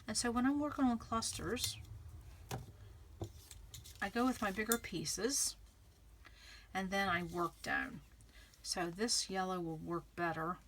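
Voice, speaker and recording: A woman talks her way through a craft project at home, musing aloud and checking in with the viewer with a quick "okay?". Her voice sits at an ordinary middle pitch, with a faint hiss and the crinkle of paper behind her. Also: a bit bright. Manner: chatty, thinks aloud, frequent "okay?" check-ins. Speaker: craft vlogger. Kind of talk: casual crafting tutorial, talking while working.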